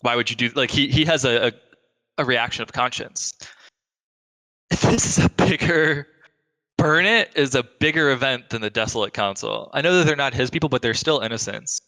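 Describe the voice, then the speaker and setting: A man co-hosting a casual discussion, excitable and jokey, swearing casually. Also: mid-range voice, moderate pace, long reverb tail. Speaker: podcast co-host.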